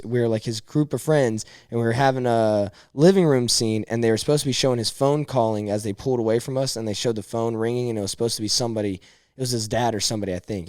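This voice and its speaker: A man's voice: medium pitch, no room sound, clean studio sound. A man talking as a podcast guest in casual chat, rambling through stories and saying dude and bro a lot. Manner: rambling, animated storyteller, says dude and bro.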